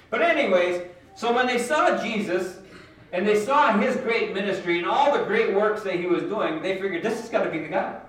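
A man's voice: high voice, fairly bright tone. A man preaching a sermon in a casual, folksy storytelling manner, acting out what people say. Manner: conversational, folksy storytelling with acted-out quotes. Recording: very echoey room, speaker far from the mic.

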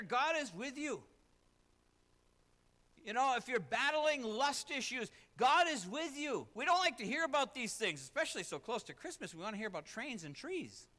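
A pastor preaches a sermon in a church sanctuary, his high, bright voice carrying a tense edge. He hammers home points by repeating key phrases and throws in wry asides about himself. The large room adds a long reverb.

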